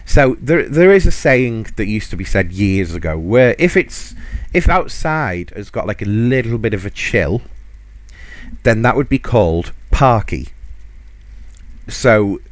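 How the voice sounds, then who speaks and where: A man's voice: lowish voice, big pitch swings, a little slow, no echo. A man hosting a podcast, chatting casually and laughing often as he tells a story. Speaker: podcast host.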